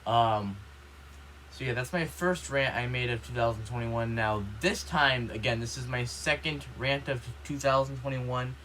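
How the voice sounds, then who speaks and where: Male vlogger, mid pitch, rambling indignant rant, swears freely, faint background noise. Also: a little slow, a bit bright. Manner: rambling, heavy use of "you know", repeats himself; indignant, swears when upset. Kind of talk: casual ranting vlog.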